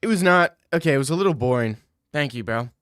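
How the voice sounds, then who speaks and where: Casting note: joking young male streamer at a desk mic, mid pitch, dry close sound. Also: lively intonation, fast talker, a bit bright, smooth, no room sound. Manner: rambling, joking, many restarts. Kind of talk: casual stream chat reading donations.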